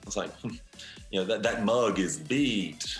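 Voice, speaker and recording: A man and longtime drag performer giving an animated, explanatory interview. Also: fairly low pitch, slow pace, soft background music. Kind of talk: documentary interview. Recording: roomy echo.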